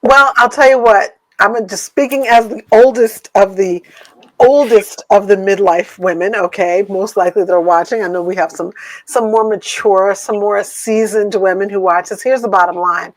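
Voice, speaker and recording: A woman in her fifties co-hosts a casual podcast chat from her home office. She talks emphatically and playfully, with a preachy edge, at a middle pitch. The recording is dry and close, with no room sound. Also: fairly even intonation, normal speed, no echo, rough recording. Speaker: podcast co-host.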